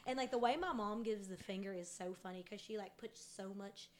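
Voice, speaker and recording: A woman co-hosting a podcast, telling long stories in relaxed casual chat. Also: medium pitch, brisk. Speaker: podcast co-host.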